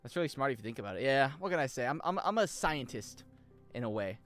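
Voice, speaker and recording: A young man commentates his game stream in a casual, excitable way. His voice swings widely in pitch, from muttered menu readings to sudden loud, high shouts. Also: fast talker, faint music behind. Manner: excitable, jumps into loud high yelps and laughs; mutters menu options to himself.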